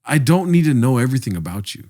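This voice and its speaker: A man hosting a podcast in an apartment, chatting casually as a rambling, animated storyteller. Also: mid-range voice, quick pace. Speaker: podcast host. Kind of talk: casual chat.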